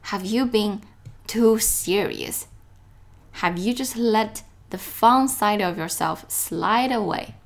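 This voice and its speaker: A woman whose first language is Chinese, reading a guided self-help exercise aloud in a slow, gentle way that turns playful. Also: medium pitch, vocal fry. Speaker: self-help course host.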